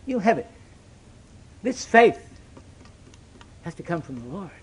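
A man preaching a sermon with an old-fashioned scriptural cadence, swinging from loud emphatic declarations to hushed, solemn asides. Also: high voice, big pitch swings, a little slow, breathy edge.

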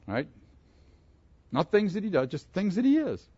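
Man, sermon, animated, questions to the listeners, bit high voice, dull recording. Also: moderate pace, husky, dry recording. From Pittsburgh. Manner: animated, asks the audience questions. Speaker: pastor.

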